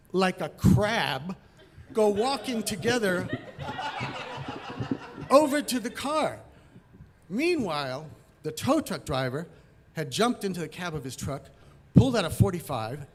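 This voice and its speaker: A man from Los Angeles telling a personal story on stage, vivid and animated, acting out the scenes. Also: on the high side.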